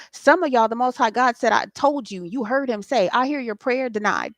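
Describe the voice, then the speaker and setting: A woman's voice: high voice, animated, normal speed, no room sound. Woman, forties, spiritual host, preachy, raised voice, dry sound. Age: 40s. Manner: impassioned, preachy, swears freely. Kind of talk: late-night livestream talk.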